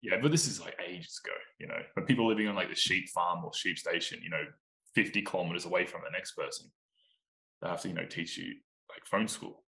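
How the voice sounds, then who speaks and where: A man's voice: sits low, fast talker, creaky, pushed and bright, poor audio. A man from Australia with a mild Australian accent, chatting casually as a podcast guest, laid-back and swearing freely. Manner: laid-back, swears often, laughs easily. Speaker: guest, pro volleyball player.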